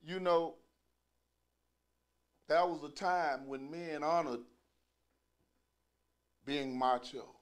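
A man's voice: fairly high pitch, drawn-out words, pauses often. A middle-aged man telling a profane prison story as stand-up, acting out the people he quotes. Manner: profane, animated, acts out quoted voices. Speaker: stand-up comedian.

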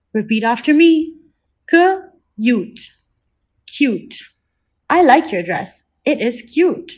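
Slow-talking woman teacher sounding out words. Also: high voice, lo-fi sound. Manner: patient, encouraging prompts to repeat. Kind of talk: children's phonics lesson.

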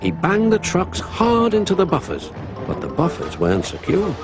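A man narrating a children's story in an expressive, lilting way, with music behind. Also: high voice, normal speed.

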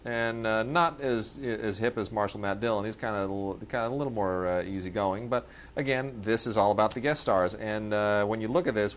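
A man with a lowish voice rambles through a casual podcast chat, stacking fillers and restarts as he goes. He sounds like a co-host reviewing releases. A faint hiss sits under the recording. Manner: rambling storyteller, many fillers, mimics people in quoted bits.

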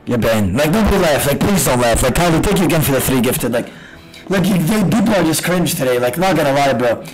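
A man streaming games live, chatting casually with profane trash talk and bursts of shouting. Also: fairly high pitch, expressive, fast talker, poor audio. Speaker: game streamer. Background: music.

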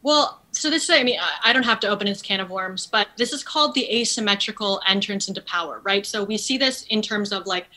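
Woman podcast guest, bright clear tone, articulate and kinda academic, lots of fillers. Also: mid-range voice, brisk, few pauses, poor audio. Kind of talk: earnest conversational interview.

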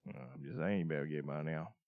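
A man's voice: a bass voice, quick pace, no echo, phone-quality sound. Drawling, folksy man on a dry mic. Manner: drawling, folksy, exclaims "Oh, Lord". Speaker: streamer playing as a Louisiana bayou character. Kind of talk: casual gaming stream banter with put-on Cajun drawl.

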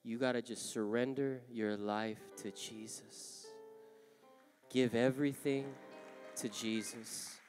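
Impassioned preacher in a reverberant hall. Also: male voice, mid-range voice, fairly even intonation, slow. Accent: Southern Californian. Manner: rises from soft storytelling to loud impassioned preaching. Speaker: pastor. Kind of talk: sermon. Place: large church hall. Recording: long hall reverb, live church. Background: music playing.

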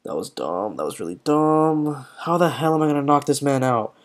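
A man's voice: fairly high pitch, expressive, a little fast. A young man giving live commentary while playing a mobile fighting game, talking in slang and often exclaiming in frustration.

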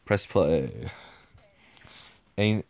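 Slow, low-voiced rambling man. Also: sing-song, gravelly, heavy background noise. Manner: halting, full of ums and restarts. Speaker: parody reaction video host. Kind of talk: mock reaction rambling.

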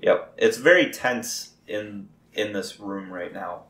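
A man running a tabletop game as game master, narrating haltingly with many fillers and restarts. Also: on the low side, fairly bright tone, a little hiss or hum. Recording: echoey room.

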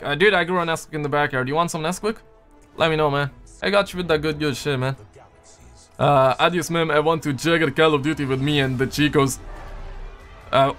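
Bright, slangy young gaming streamer. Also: male voice, on the high side. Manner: loose, jokey, slangy, lots of "man" and "dude". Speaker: livestream host. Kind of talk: casual livestream chat reading viewer messages. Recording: faint music behind.

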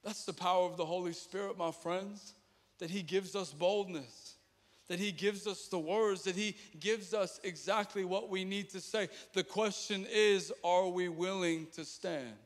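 A pastor preaching with passion, swinging between ringing declarations and hushed, intimate asides, through a stage microphone in a large church auditorium. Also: male voice, high voice, fairly even intonation, a little slow. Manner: impassioned, repetitive preaching with dramatic drops to quiet. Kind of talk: sermon. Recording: reverberant church hall.

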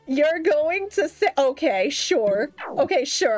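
Giggly high-voiced young woman streamer. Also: animated, measured pace, soft background music. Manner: giggly and self-mocking. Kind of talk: casual gameplay commentary.

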